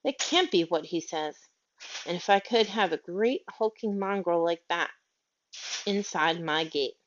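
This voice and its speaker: A woman's voice: measured pace, close to an everyday voice. A woman voicing a fussy, tearful, haughty older lady who frets shrilly over her dog, in a storybook reading. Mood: indignant. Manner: fretful and shrill, prone to wailing. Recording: dull lo-fi audio.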